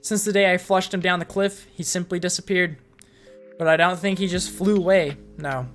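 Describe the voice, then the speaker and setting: A woman reads fan fiction aloud like a casual live stream, at a moderate pace with fairly even intonation. Her voice is on the low side, she cuts in with blunt, profane asides, and faint soft music runs underneath.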